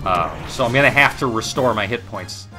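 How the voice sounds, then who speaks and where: A man's voice: fairly low pitch, lively intonation, moderate pace. Profane rambling man over game music. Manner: rambling, profane, jokey, self-mocking. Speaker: let's play commentator. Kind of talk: casual gameplay commentary. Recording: game music playing behind.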